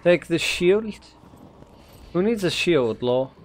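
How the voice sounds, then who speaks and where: Excitable man commenting on a game. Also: on the high side, slow pace, a little hiss or hum. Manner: excitable, jokey. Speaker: gamer. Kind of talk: casual gameplay commentary.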